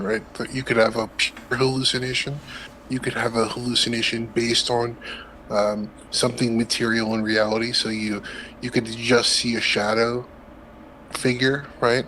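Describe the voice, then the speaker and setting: A man's voice: medium pitch, fairly bright tone, a little hiss or hum, low-quality recording. A man calling in to a casual debate, talking hesitantly with many fillers and restarts.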